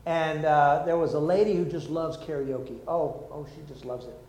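A man's voice: on the high side, moderate pace, reverberant, rough recording. An older man preaching a sermon, telling stories and acting out the people in them. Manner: lively storytelling, acts out quotes. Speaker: preacher, former army chaplain.

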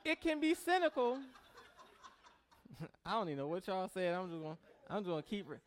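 A man's voice: high-pitched, sing-song, brisk. A man preaching a sermon as pastor, joking with the congregation and mimicking people in a loose, conversational way.

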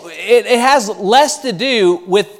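A man preaching a sermon as pastor, animated and lively, acting out the voices of people he quotes. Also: high-pitched, slow.

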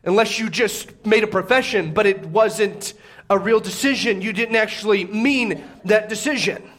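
High-voiced man preaching a sermon. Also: normal speed. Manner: conversational preaching, keeps asking "okay?", laughs at his own stories; speaks quietly so as not to wake babies. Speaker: pastor. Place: indoor room with a congregation.

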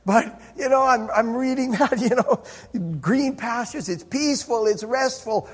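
A man's voice: extremely high pitch, unhurried, slightly rough. A man preaching a sermon as pastor, in a conversational, self-interrupting way with chuckling asides. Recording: reverberant hall.

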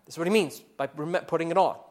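A fast-talking male pastor preaches an earnest sermon, his voice growing loud in accusing passages and sinking low and soft in reflective ones.

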